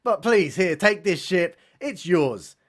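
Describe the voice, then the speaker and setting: A man's voice: high-pitched, lively intonation, takes it slowly, heavily acted. A man voicing a careless, cocky thunder god who brushes off every worry. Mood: offhand.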